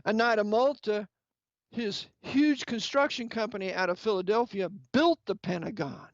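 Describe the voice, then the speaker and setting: A man with a high-pitched voice, speaking at normal speed, rails emphatically and angrily like a preacher, throwing rhetorical questions at his audience. The audio is dull, lo-fi, and dry, with no room sound.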